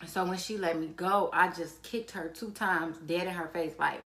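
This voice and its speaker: A young woman talks through a story in a casual, animated way, swearing as she goes. Her voice is bright and forward and sits a little low for a woman. She jumps into a raised voice whenever she quotes someone. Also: normal speed. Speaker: vlogger telling a storytime.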